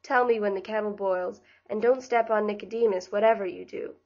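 A woman reading the part of a cheerful, bustling young woman in an audiobook, with a brisk, bright delivery. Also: medium pitch, fairly even intonation, highs cut off, lightly acted.

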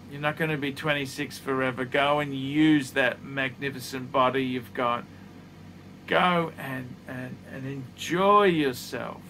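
Slow, bright-voiced blunt man in his fifties. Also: a little high, slight background noise. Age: 50s. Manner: blunt, profane, emphatic. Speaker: watch reviewer. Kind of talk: casual advice monologue. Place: office studio.

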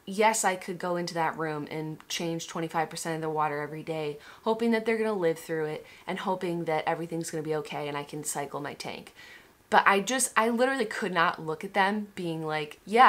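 A woman's voice: on the low side, a bit bright. A young woman talking candidly in a casual vlog monologue, emotional and swearing freely, with frequent restarts. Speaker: vlogger.

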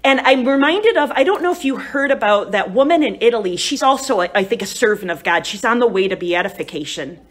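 A woman's voice: a little high, lively intonation, fairly quick, hardly any pauses. Woman chatting through a retreat talk. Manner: conversational, chatty storytelling with frequent "you know" and "right?". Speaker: retreat speaker. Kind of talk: live retreat talk to a group.

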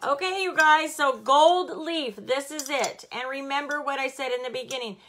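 A chatty, bubbly woman giving a live product demo, slightly hoarse from hollering and laughing often. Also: sits high, fairly quick, bright, forceful tone. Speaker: home fragrance seller.

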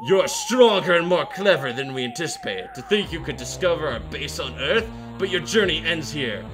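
A scheming male alien villain, which a man puts on speaks in a slow, lowered, mock-solemn voice. Loud game music plays behind him. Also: sing-song. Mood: mock-menacing.

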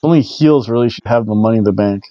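A man's voice: fairly low pitch, quick pace, warm tone, dry recording, lo-fi sound. A man hosting a casual wrestling review show, rambling with jokey asides. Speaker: wrestling review podcast host. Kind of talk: casual recap commentary.

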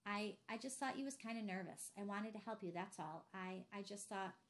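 A woman's voice: mid-range voice, normal speed, lightly acted. Eager younger brother, read by a woman; hesitant, stammering lines in a storybook reading.

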